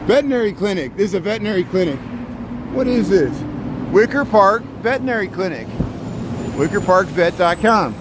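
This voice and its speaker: A man's voice: sits high, animated, a little fast. A middle-aged man from Indiana giving rambling, chatty commentary as he walks a city street livestreaming, greeting people he passes. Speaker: walking livestream vlogger. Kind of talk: casual running commentary while walking. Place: city street outdoors at dusk. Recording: outdoor street noise and traffic.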